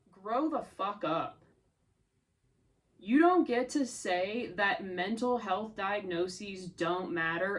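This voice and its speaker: Furious woman ranting, slow and strained. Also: medium pitch. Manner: furious, swearing, addressing someone directly. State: upset, voice strained. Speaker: content creator. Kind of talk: angry rant to camera.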